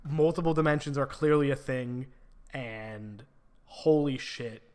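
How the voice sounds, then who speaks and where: A man's voice: medium pitch, a little slow, darkish tone. Casual, foul-mouthed man reviewing a book. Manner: casual, swears freely, many filler "like"s.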